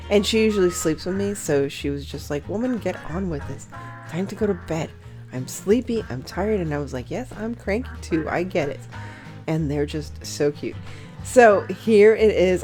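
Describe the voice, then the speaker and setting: A cheerful woman narrates a crafting tutorial at her table in a slightly low voice. She talks in a chatty, gushing way and trails into small fillers. Soft music plays faintly behind her. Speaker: crafting channel host.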